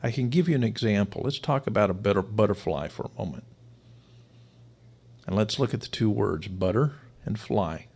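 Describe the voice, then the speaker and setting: A man's voice: lowish voice, animated, moderate pace, a little mellow, slightly rough. A man teaching to a live audience, explaining his points emphatically and sometimes repeating words for stress. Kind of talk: live-streamed lecture.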